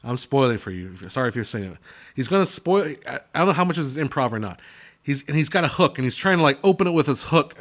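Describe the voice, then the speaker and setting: A man's voice: medium pitch, lively intonation, fast, a bit bright. A man answering viewer questions in a casual, opinionated chat, rambling with lots of restarts and asides.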